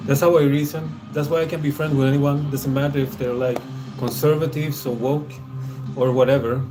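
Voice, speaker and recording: A man's voice: medium pitch, little pitch movement, normal speed, music in the background. A man from Sweden with a Swedish accent, talking in a rambling, hesitant casual stream monologue, laughing often between his words. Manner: rambling, hesitant, with frequent laughs and filler sounds.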